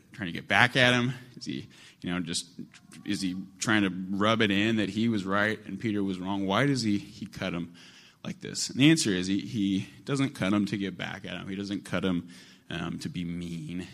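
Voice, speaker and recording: A man's voice: deep voice, moderate pace, creaky, a bit bright. A man preaching a sermon in a conversational style, repeating phrases to build emphasis.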